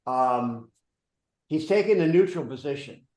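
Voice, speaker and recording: A man's voice: fairly high pitch, animated, darkish tone. Man coaching agents in an echoey room. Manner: brisk, directive, interrupts to steer. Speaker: real estate coach and show host. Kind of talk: coaching a live training session.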